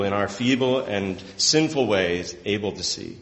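A man preaching a sermon as a pastor, telling the story in an animated way and often breaking into laughter. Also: on the low side, measured pace. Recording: long hall reverb.

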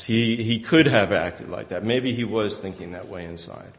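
Animated male pastor in a reverberant hall. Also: fairly low pitch, moderate pace. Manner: animated storytelling, often laughing. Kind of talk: sermon.

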